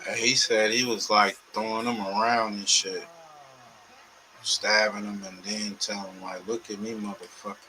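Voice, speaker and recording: A man's voice: fairly low pitch, flat delivery, measured pace, bright, forceful tone, low-quality recording. A man hosting a casual commentary show, talking in a loose, slangy, profane way. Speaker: host.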